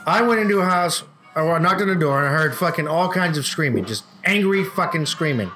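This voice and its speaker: A man in casual podcast chat with a bright, forceful, slightly high voice. He tells his story in a loose, profane way and acts out what people said. Faint music plays behind him. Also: fairly quick. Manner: profane, animated storytelling with acted-out quotes. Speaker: podcast co-host.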